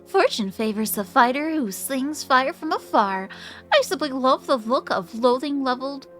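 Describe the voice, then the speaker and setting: A woman's voice: high voice, lively intonation, normal speed, a bit bright, faint music behind. A woman voicing a pompous, condescending mage in a fantasy game, with grandiose, mannered delivery.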